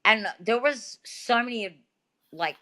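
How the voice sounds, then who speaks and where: A woman with an Australian accent, a guest telling stories in a chatty, animated way full of fillers, over a video call. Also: fairly high pitch, slow pace. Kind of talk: casual interview talk.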